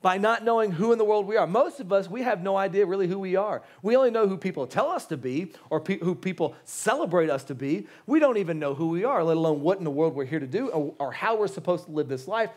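A man's voice: sits high, animated, fast talker, few pauses, a little mellow. A man in his thirties, a pastor, preaching an earnest and emphatic sermon in a church, often repeating phrases and restarting his sentences. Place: church sanctuary.

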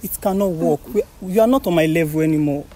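A man talking quietly and apologetically to his girlfriend outdoors. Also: fairly high pitch, fast. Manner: soft, pleading, apologetic. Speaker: boyfriend in a staged reunion. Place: outdoors at a block-making yard.

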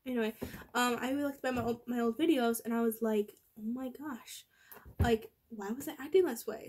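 A teenage girl rambling in a casual vlog, full of fillers and restarts, her voice worn from being sick. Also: on the high side. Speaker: vlogger.

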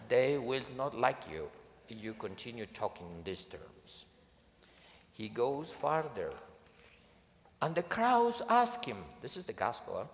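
A male priest delivers a sermon with a lively, swooping pitch and an unhurried delivery. He is emphatic and drops in dry humor. His voice rings through a large, reverberant hall. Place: large conference venue.

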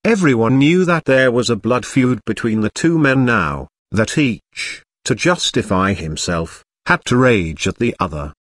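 A man reading a history audiobook aloud in a measured, even narration. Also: mid-range voice, no echo, clean studio sound.

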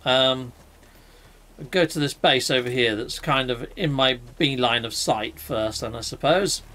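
A British man who hosts a gaming channel, talking through his play in a casual, excitable way and yelping when things go wrong. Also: mid-range voice, a little slow. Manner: excitable, exclaims and yelps during fights. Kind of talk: casual let's-play commentary.

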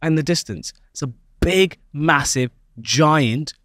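A man's voice: slow pace, no echo, clean studio sound. A young man, co-host of a podcast, spins a playful, comic made-up story in casual chat. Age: young adult. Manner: playful storytelling, lively swings in pitch.

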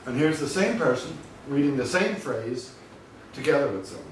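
Male lecturer, mid-pitched, measured and dry, recorded far off in a very echoey room. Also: expressive, slight background noise. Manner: measured, explanatory, dry asides. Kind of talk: university lecture.

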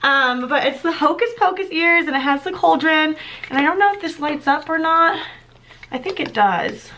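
A young woman recording a casual unboxing vlog, excitable and chatty, with lots of ums and little gasps. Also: high voice, moderate pace, a little hiss or hum. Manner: bubbly and excitable, many ums. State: slightly out of breath. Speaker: vlogger.

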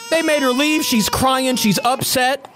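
A gaming reaction host who exclaims excitedly at the action on screen. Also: high-pitched, measured pace, slight background noise. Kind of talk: reaction video commentary.

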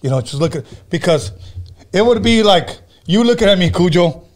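A man's voice: high-pitched, lively intonation, normal speed. Rambling, joking male podcast host. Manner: loose, profane and joking, tells stories with many restarts. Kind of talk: casual chat.

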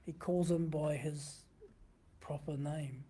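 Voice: mid-range voice, unhurried, long pauses, dark tone, slight background noise. A pastor giving a sermon, teaching conversationally from a printed text and often asking the listeners rhetorical questions.

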